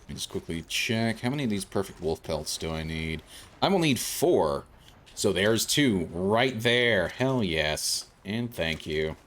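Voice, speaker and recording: A man's voice: low voice, lively intonation, unhurried, fairly bright tone. A man born in South Africa, chatting casually and rambling as he streams a video game. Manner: rambling, chatty, reacting to gameplay. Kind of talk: casual gameplay commentary.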